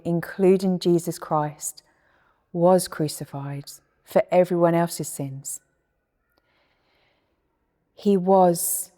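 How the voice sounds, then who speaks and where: Woman giving a gentle spiritual talk, slow and soothing, lowish mellow voice, long echoey reverb. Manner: soft, slow and soothing, with a guided breathing passage. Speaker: spiritual speaker.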